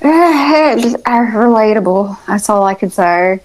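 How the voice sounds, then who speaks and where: A woman's voice: medium pitch, animated, takes it slowly, poor audio. Sarcastic woman chatting about a TV show. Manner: dry, sarcastic asides. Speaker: podcast co-host. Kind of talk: casual TV review chat.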